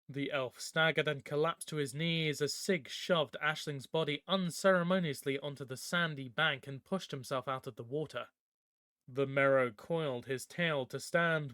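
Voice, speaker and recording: A man narrating a fantasy audiobook in a steady storytelling manner. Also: on the high side, dry recording, studio quality.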